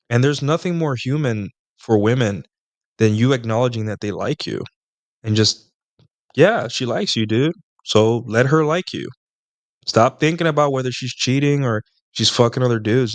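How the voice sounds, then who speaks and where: Smooth-voiced young man rambling on stream. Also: medium pitch, no echo. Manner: rambling, many restarts and filler words. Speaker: live stream host. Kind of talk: casual live Q&A monologue.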